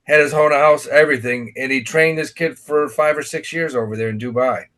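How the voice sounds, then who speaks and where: A man's voice: a little high, a little fast, a bit bright. Rambling man telling anecdotes. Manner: rambling anecdotes with many fillers. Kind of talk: casual podcast chat.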